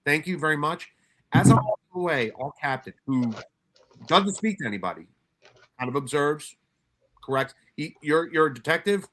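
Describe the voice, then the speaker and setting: A man's voice: a little high, expressive, normal speed, slight background noise. A middle-aged man, a former homicide detective, telling blunt, profane stories at a workshop with frequent restarts. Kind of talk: candid storytelling talk.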